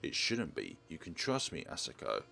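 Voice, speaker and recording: A man voicing a middle-aged yakuza father who is dry, teasing and stern, speaking low and slow. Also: huge pitch swings, vocal fry, pushed and bright, full character voice.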